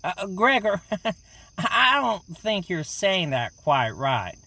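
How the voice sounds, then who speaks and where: A man's voice: high-pitched, sing-song, slow, vocal fry, sharp tone, no room sound. A man co-hosting an improvised comedy audio play, talking in a stammering, flustered, pleading way.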